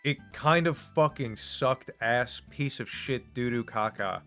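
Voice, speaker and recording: A man's voice: mid-range voice, a little slow, fairly bright tone, faint music behind. A man streaming and going off on a casual, profane, emphatic rant. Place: home streaming setup.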